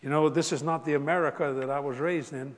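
Older Cajun preacher, animated and folksy, slightly high voice, lots of laughter, big reverberant hall. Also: male voice, fast. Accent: Cajun Southern US. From South Louisiana. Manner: animated, laughing, Southern drawl, rising to exclamations. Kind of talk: folksy storytelling sermon.

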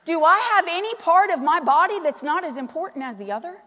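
A woman preaching a sermon, animated and full of questions to the congregation. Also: very high-pitched, a little fast, long reverb tail. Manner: animated, asks the crowd many questions. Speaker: pastor's wife preaching.

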